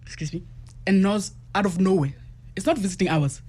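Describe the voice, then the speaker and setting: In a studio, a South African woman who is a para-athlete and journalist tells a personal story as a guest, bringing it to life by voicing what others said. She speaks briskly at a medium pitch, with a mellow tone and a breathy edge.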